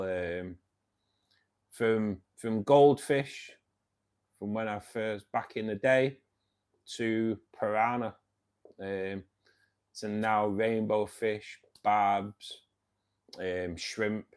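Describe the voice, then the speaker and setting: A man's voice: fairly low pitch, steady tone, drawn-out words, long pauses, a little mellow, smooth. A man in his fifties with a Mancunian accent, chatting casually with viewers on a fishkeeping livestream and calling them "mate". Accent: Mancunian English. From England, Manchester. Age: 50s. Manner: chatty and matey, keeps saying "mate". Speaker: livestream host of a fishkeeping club.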